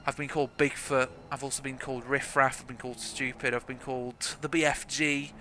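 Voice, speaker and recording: A young man from South Africa with a South African accent softened by British English, giving rambling, jokey commentary on a sim racing livestream. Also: mid-range voice, little pitch movement, fairly quick, slight background noise. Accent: South African with some British English. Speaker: race commentator.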